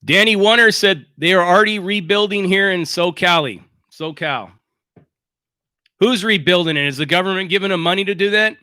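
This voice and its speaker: A high, bright-voiced man holds forth on a livestream, blunt and sarcastic, swearing freely. The sound is dry and close, with no room around him. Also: moderate pace, dry recording. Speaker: livestream host. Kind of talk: casual livestream rant.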